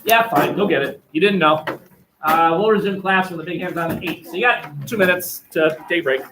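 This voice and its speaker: A man's voice: high-pitched, fairly quick, noisy background. A male history teacher lecturing a class in a conversational, rambling and wry way, recorded by webcam in a classroom.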